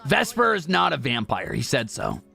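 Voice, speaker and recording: Bright, lively young man streaming. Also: medium pitch, normal speed, vocal fry, husky, soft background music. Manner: playful, joking, drifts into mumbling while typing. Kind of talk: casual gaming livestream chat. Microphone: close streaming mic.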